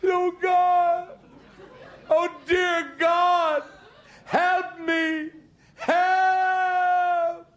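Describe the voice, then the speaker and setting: A man's voice: very high voice, level tone, extremely slow, pauses often, some chatter behind, pitched above the performer's own voice, full character voice. A man playing a terrified man hanging from a cliff branch, shrieking frantic pleas for help. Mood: panicked.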